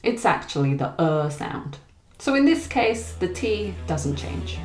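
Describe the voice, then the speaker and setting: A British woman with a southern English accent, teaching pronunciation in a clear, deliberate way. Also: fairly low pitch, sing-song, over music. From Britain. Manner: clear, deliberate, contrasts words slowly. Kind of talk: scripted pronunciation lesson. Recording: echoey room.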